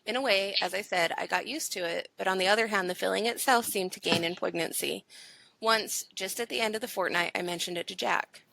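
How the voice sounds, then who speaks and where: A woman's voice: medium pitch, fairly quick, vocal fry, bright, forceful tone, rough recording. A woman podcast co-host reading a ghost story aloud to her friends, with laughs in between. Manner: reads expressively, laughs easily.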